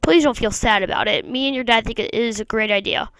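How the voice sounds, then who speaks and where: Woman reading as a worried gentle mother, anxious tone, smooth clear voice, dry sound. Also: fairly high pitch, fairly quick, no room sound, low-quality recording. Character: worried, guilt-ridden mother.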